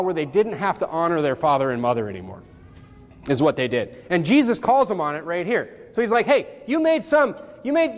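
Animated high-voiced preacher in a reverberant hall. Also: male voice. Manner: animated, acts out quotes, frequent fillers. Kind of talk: casual Bible-study sermon.

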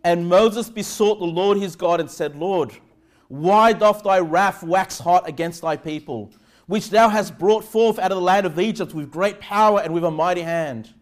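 Speaking at normal speed in a high voice, this preacher keeps his sermon conversational with relaxed side remarks, then rises into loud, forceful stretches of prayer and scripture.

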